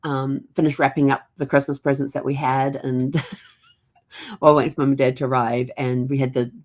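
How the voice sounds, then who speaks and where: Her voice rumbles low, level and somewhat dark, at a normal speed. She's a middle-aged genealogy vlogger from New Zealand who tells family stories in a casual way and laughs from time to time.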